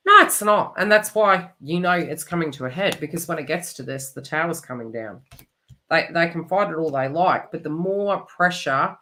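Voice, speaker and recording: A woman's voice: low-pitched, animated, normal speed, a bit bright. A woman giving a live psychic reading, rambling and emotive, with many fillers and restarts. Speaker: psychic tarot reader.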